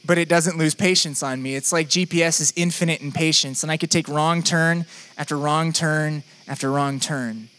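A man's voice: a little high, steady tone, moderate pace, a bit bright. A young man preaching a sermon in a conversational, playful, self-deprecating way. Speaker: pastor.

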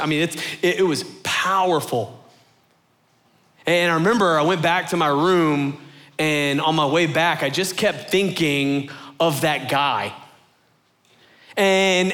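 A man preaching a sermon, telling a travel story in a chatty, conversational way, often calling his listeners "you guys" and restarting his sentences. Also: a little high. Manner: animated retelling with fillers and restarts. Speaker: pastor.

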